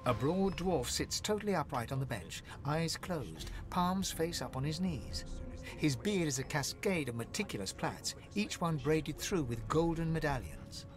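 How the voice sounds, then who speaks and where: A man giving measured, scripted narration in a video game. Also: a little high, animated, music in the background. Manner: measured, descriptive.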